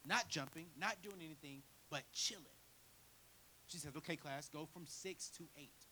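A man preaching a storytelling sermon, acting out the voices of the people in his story and building to loud, fervent preaching. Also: on the high side, normal speed, slight background noise.

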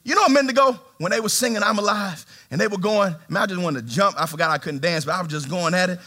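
A man preaching a sermon in a church, animated, with swings from shouts to hushed tones and humor aimed at the congregation. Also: sits high, fast talker. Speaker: pastor. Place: church sanctuary.

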